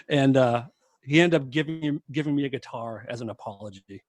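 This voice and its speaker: A man guesting on a podcast, telling a story in casual chat, animated and laughing often. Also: mid-range voice, fairly quick, no room sound, studio quality. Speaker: podcast guest, former tour crew member.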